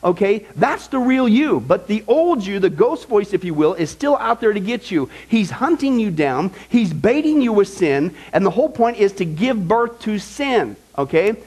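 A man's voice: high-pitched, sing-song, normal speed, few pauses, darkish tone, husky. A man teaching a Bible study in an emphatic, conversational way, often checking in with "okay?" and "right?". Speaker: pastor.

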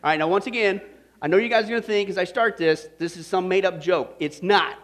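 A man preaching a sermon, telling a funny story with lively asides and frequent "okay?" check-ins. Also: high voice, fairly quick. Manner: joking storyteller, animated, many "okay?" and "right?" asides. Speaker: pastor.

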